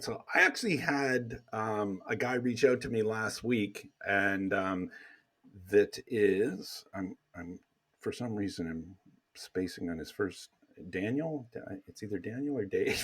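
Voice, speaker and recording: Man, podcast host, casual rambling chat, husky, low-pitched. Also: unhurried. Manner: relaxed, rambling with many fillers.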